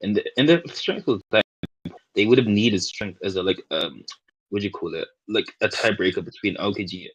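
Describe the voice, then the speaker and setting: A man's voice: lowish voice, lively intonation, fairly quick, breathy edge, no echo, lo-fi sound. A man in a casual debate, pressing his points with pointed, challenging questions.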